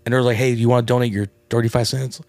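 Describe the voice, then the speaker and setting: A man co-hosting a podcast, talking in animated slang, saying bro a lot and swearing. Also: medium pitch, rapid-fire, no room sound. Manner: animated, slangy, says bro constantly, profane. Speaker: podcast co-host. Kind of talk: casual chat.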